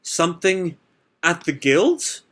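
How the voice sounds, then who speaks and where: A man's voice: on the high side, big pitch swings, slow, fairly bright tone, heavily acted. A man voicing a flustered young anime woman. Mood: panicked. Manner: flustered, panicky, rising lilt. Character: blue-haired young woman, anxious and devoted.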